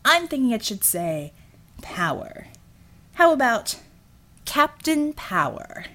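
A woman's voice: fairly high pitch, big pitch swings, takes it slowly, a bit bright, full character voice. A woman voicing a cocky, scheming male superhero who talks with brash, teasing salesman patter. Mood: wry teasing.

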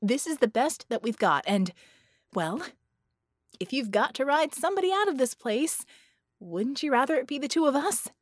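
Audiobook figure: narrator reading as an earnest young heroine, close dry recording. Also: female voice, high-pitched, expressive, normal speed, no echo, pitched above the performer's own voice. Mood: urgent.

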